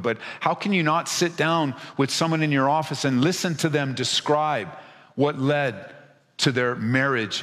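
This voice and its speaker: A male pastor preaching, reading scripture and then applying it with passionate, rising emphasis and repeated words. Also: fairly bright tone. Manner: impassioned, rising pitch in emphatic stretches; repeats words when stressing a point. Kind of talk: sermon. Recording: long hall reverb.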